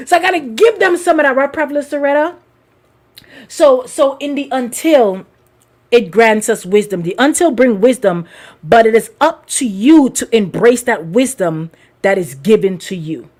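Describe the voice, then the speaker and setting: A woman giving a live sermon, telling personal stories in an animated way. She often restarts her phrases and speaks straight to the congregation. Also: a little high, normal speed. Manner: animated, repetitive restarts, addresses congregation directly. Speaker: preacher.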